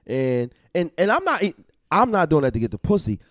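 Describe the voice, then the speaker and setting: Profane, animated man, dry studio sound. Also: fairly high pitch, normal speed, no echo. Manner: blunt, profane, animated storytelling. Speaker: podcast guest. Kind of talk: casual podcast chat.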